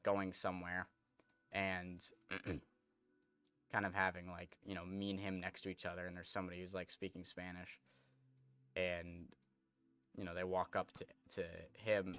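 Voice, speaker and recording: Rambling young man with a bright voice. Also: low-pitched. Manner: rambling, chatty, many restarts. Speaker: gaming streamer. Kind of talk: casual gameplay commentary.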